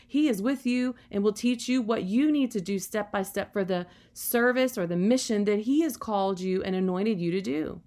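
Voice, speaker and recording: Woman preaching, earnest and encouraging, lots of "you know"s, mid-pitched voice. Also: moderate pace, hardly any pauses, mellow. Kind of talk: sermon.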